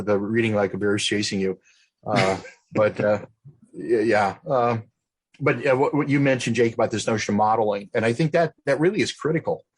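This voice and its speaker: A man who teaches reading at a university, speaking as a podcast guest in a teacherly way, with many fillers and pauses. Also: medium pitch, husky, poor audio. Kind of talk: conversational podcast discussion.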